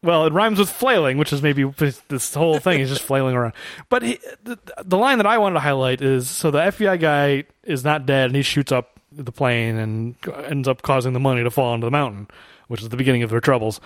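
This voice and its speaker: A man co-hosting a casual movie review podcast, animated and quick to act out quotes in silly voices. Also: medium pitch, no echo, studio quality. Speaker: podcast co-host.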